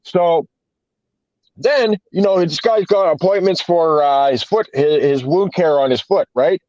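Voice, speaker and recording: A man rambles through a profane story on a podcast, his voice set a little high for a man. The sound is dull and lo-fi, with a dry, dead room and no echo. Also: unhurried, darkish tone. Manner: profane, rambling storyteller, heavy swearing and fillers. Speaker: podcast co-host telling a story. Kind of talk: casual chat.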